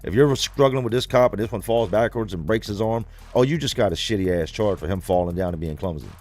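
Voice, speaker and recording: A man's voice: fairly low pitch, fast talker, a little mellow, soft background music. A man hosting a livestream, telling a story to his viewers in a blunt, profane, conversational way. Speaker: livestream host reading comments.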